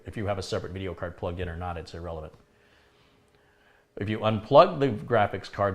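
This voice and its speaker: Hosting a live chat stream, a middle-aged man with a fairly low voice reads viewer comments aloud and answers them conversationally, sometimes laughing at his own remarks.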